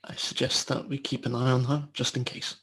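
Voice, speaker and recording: A man's voice: mid-range voice, level tone, fairly quick, fairly bright tone, breathy edge. A man, a player in a tabletop role-play game, who speaks in a hesitant, thoughtful way.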